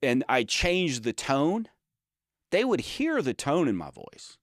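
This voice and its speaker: A man's voice: medium pitch, wildly swooping pitch, takes it slowly, no room sound, clean studio sound. A man co-hosting a podcast about the trades, explaining his points emphatically with examples and frequent restarts in casual chat. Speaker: podcast co-host.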